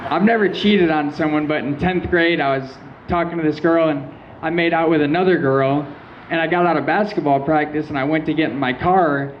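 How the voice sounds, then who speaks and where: A young man doing stand-up in a small live venue, his voice sitting a little high for a man. He tells his stories deadpan, slipping into quoted asides. The recording is muffled and lo-fi, with a faint hum of room noise behind him. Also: a little fast. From Michigan. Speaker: stand-up comedian. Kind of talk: stand-up set.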